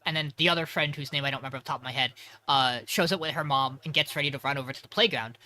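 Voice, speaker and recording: A man's voice: mid-range voice, very fast, bright, forceful tone. A man co-hosting a podcast, recapping an episode in a rambling, profane way that keeps correcting itself. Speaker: podcast co-host.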